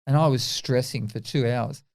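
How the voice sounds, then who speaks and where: A man in his fifties with an Australian accent, a former test cricketer telling animated stories in an interview and acting out the dialogue. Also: medium pitch, moderate pace, vocal fry. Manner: animated anecdotes, acts out quoted dialogue. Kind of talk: casual interview storytelling.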